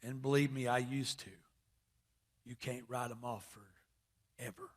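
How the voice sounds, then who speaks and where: A man's voice: mid-range voice, level tone, normal speed. A man preaching a sermon in a plainspoken, folksy storytelling manner. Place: church service.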